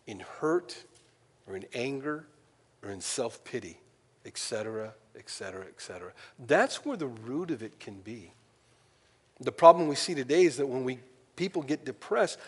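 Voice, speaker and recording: Folksy preacher guy, voice all over the place when he acts out people, long echoey church sound. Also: breathy edge. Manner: animated, acts out quoted dialogue with jumps in pitch; folksy, self-deprecating humor. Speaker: pastor. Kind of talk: sermon.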